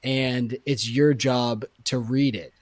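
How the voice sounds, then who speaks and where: A man's voice: mid-range voice, steady tone, slow pace, no echo. A young adult man co-hosting a book club podcast, chatting eagerly and laughing easily. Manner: chatty, enthusiastic, easy laugh. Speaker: podcast co-host. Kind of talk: casual chat.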